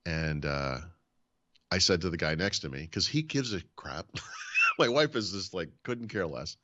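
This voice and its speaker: A man with a low voice chats casually on a podcast, swinging his pitch widely as he tells a story. He acts out the other people's lines as he goes. The recording sounds a little dull and lo-fi. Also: unhurried, a little hiss or hum. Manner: animated storyteller, acts out quoted dialogue. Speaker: podcast host.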